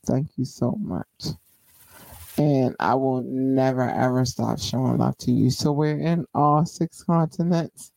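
A woman hosting her own podcast, talking casually in slang and giving affectionate shout-outs to her listeners. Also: extremely low pitch, creaky, no room sound, rough recording. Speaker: podcast host. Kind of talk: casual solo podcast chat.

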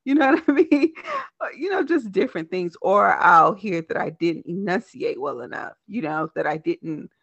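Fast-talking woman with a lisp. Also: on the low side, vocal fry, dry recording, dull audio. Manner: talks fast, animated and laughing. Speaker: podcast host. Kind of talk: casual chat.

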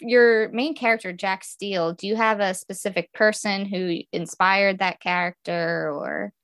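A woman interviewing an author, asking questions quickly in a casual way, with lots of fillers. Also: mid-range voice, steady tone, a bit bright, dry recording.

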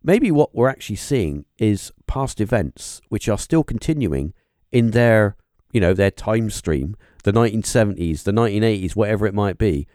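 A man hosting a podcast interview, talking in a halting, musing way with lots of fillers and restarts. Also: lowish voice, animated, darkish tone, no room sound, studio quality. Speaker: podcast host. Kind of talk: casual interview chat.

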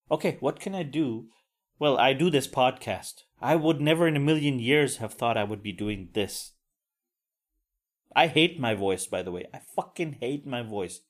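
A man hosting a solo podcast, talking casually with frequent swearing and self-deprecating asides. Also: medium pitch. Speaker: podcast host.

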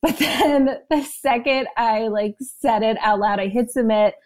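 A woman's voice: a little high, darkish tone. A woman in her thirties telling her story as an interview guest, emotional and close to tears. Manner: emotional, talks in quick bursts. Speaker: podcast guest.

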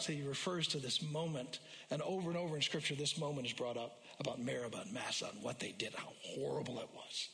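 Bright-voiced male pastor preaching in a reverberant hall. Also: steady tone, quick pace, hardly any pauses. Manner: rises to a loud, high delivery when quoting scripture; repeats and restarts phrases for emphasis. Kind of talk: sermon. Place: church sanctuary.

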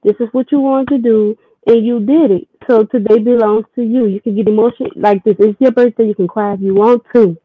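A woman guest chats casually, sassy and encouraging, with a high voice. The sound is dry and close, with a muffled lo-fi tone. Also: steady tone, brisk, hardly any pauses, breathy edge, no echo. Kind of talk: casual chat.

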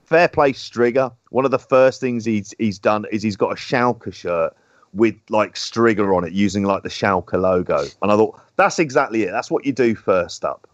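A man with a London accent co-hosts a podcast, talking in a rambling, casual way and swearing now and then. His voice sits fairly low. The recording is dry and slightly muffled. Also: moderate pace, no room sound. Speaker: podcast co-host. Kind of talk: casual chat.

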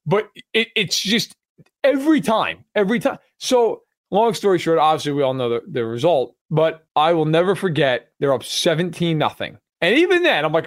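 A man's voice: fairly high pitch, sing-song, moderate pace, no echo. Man, raised voice, dry close mic, emphatic storyteller for casual sports chat. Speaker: radio host.

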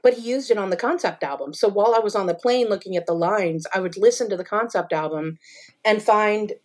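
A woman's voice: mid-range voice, a little fast. A woman, a stage actress, telling stories in a casual interview with easy laughter. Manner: chatty, laughing storyteller.

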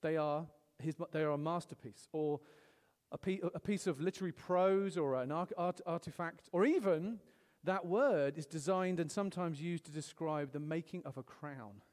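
A middle-aged man preaching a sermon, animated, swinging between loud exclamations and hushed storytelling. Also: on the high side, normal speed, big-room sound.

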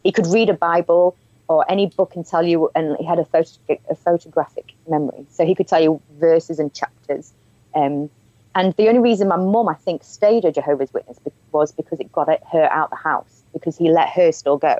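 A woman's voice: deep voice, brisk, mellow, dry recording, lo-fi sound. A woman telling her own story as an interview guest, candid and frank, often breaking into laughter. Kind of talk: personal storytelling in conversation.

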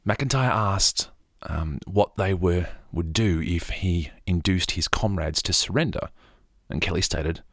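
Australian man, calm story narrator, soft and rambling, deep, dry close sound. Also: measured pace, dry recording. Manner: soft-spoken, rambling asides. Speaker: podcast narrator.

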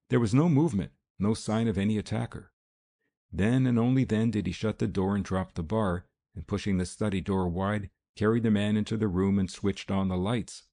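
A man narrating a classic novel as an audiobook in a steady, measured storytelling voice. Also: on the low side, creaky. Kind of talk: scripted narration.

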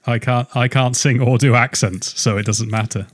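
A man co-hosting a casual podcast, joking around and getting animated when excited. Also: normal speed, no room sound, studio quality. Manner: jokey, animated, rising pitch when excited. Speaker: podcast host.

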